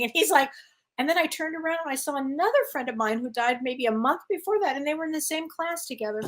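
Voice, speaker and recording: A woman shares her own spirit stories in a casual conversation. Her voice sits a bit above average. She keeps affirming her partner with quick yeses. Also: high voice. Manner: warm, affirming, frequent yeses. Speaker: medium, co-host.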